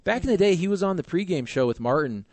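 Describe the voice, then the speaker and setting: A man hosting a sports talk radio show, chatting casually with animated, joking asides. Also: high-pitched, quick pace, dry recording.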